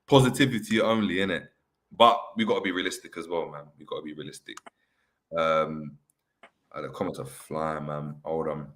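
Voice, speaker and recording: A young man, hosting a casual football chat and reading viewer comments aloud with animated banter. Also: rumbling low, normal speed. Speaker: host. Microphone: webcam on video call.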